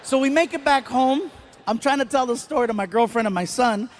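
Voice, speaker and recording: A man doing stand-up comedy on a big live stage, telling a story with animated delivery and acting out voices, shouting punchlines. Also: very high-pitched, a little fast. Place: large live venue with audience.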